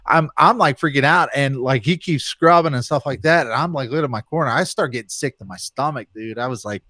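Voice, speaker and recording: A man recalls his own story as a podcast guest, casual and animated, with his voice jumping up whenever he plays someone he quotes. His pitch sits in the middle range. The sound is close and dry. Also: fairly quick, no echo. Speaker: podcast guest, former fighter.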